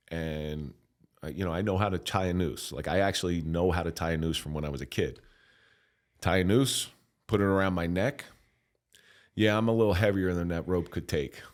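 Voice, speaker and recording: A middle-aged man telling his own story as a podcast guest, candid and emotional, stopping and restarting often and swearing bluntly. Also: low voice. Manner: halting, emotional, frequent restarts.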